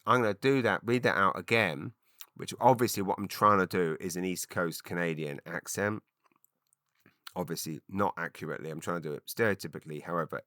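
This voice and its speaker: A man hosts a solo podcast, rambling in a chatty and self-mocking way. His voice is bright and forceful but sits low, and the room sounds dry and close. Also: no room sound. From Britain. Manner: chatty, self-mocking, with frequent ums and restarts. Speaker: podcast host and comedian.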